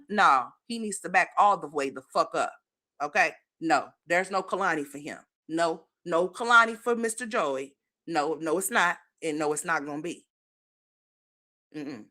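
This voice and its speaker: Woman, blunt profane commentary, lower pitch, rambling. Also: lively intonation, normal speed, bright, forceful tone. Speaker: commentary channel host. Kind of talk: casual opinion commentary.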